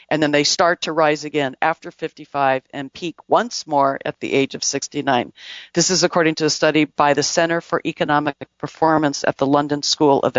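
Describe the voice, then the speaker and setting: Slightly high and a bit bright, this man's voice hosts a loose talk show, wandering between travel tales and news with frequent restarts and side comments. The sound is dull, dry, lo-fi and echo-free.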